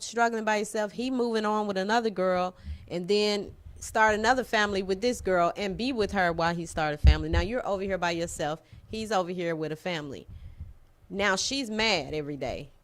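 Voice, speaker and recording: A woman co-hosting a TV talk show, talking in a casual, teasing, animated way with lots of slang. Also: medium pitch. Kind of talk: casual chat.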